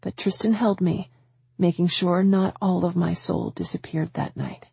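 A woman reads a first-person romance audiobook with an intimate, emotional delivery. Her voice is husky and low, with a gravelly fry. The recording is dry and close. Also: fairly even intonation, measured pace, dark tone, no echo. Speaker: audiobook narrator.

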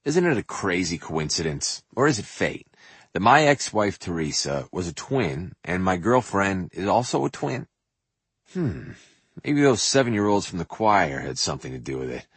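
A man with a deep, raspy voice narrates his own memoir as an audiobook at normal speed, full of swagger and cursing. He is animated and profane, acting out quotes and singing snippets, so his delivery swings widely up and down. The sound is close and bone-dry, like a vocal booth, with no room sound.

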